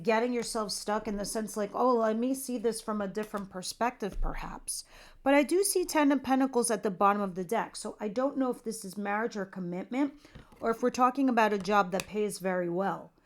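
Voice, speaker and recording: A woman's voice: a little high, fairly quick. A middle-aged woman giving a casual, chatty tarot reading, talking straight to her viewers with light jokes. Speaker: tarot reader.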